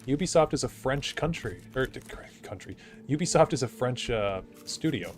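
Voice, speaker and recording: A man's voice: medium pitch, expressive, normal speed, soft background music. A man streaming a game, chatting casually with rambling asides while he plays. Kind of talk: casual gaming commentary.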